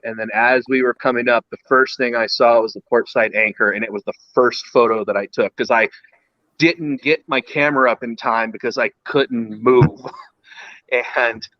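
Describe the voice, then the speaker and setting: A man with a sharp, tense edge to his voice recounts an adventure to a host in a casual chat. He is animated and slips into other people's voices as he goes. The sound is dull and lo-fi, with no room echo. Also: mid-range voice. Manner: animated, acts out quoted voices. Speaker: guest storyteller. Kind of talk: casual anecdote telling.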